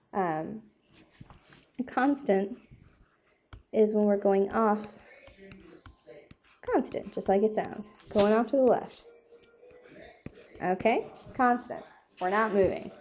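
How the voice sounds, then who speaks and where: Young female math tutor, warm and mellow, casual and self-deprecating, keeps asking "okay?". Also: medium pitch, slight background noise. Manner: chatty, self-deprecating, asks "okay?" often. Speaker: math teacher. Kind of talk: casual whiteboard math lesson.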